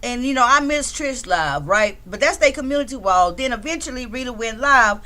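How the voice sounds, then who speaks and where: Chatty high-voiced woman streamer. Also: expressive, moderate pace. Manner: chatty, shouts out chat members, swears freely. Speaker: livestream commentary host. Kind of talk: casual livestream commentary.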